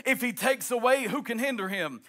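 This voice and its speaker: A male pastor preaching an impassioned sermon, rising into shouts and a sing-song cadence, then dropping into folksy asides. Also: very high-pitched, animated, fairly quick.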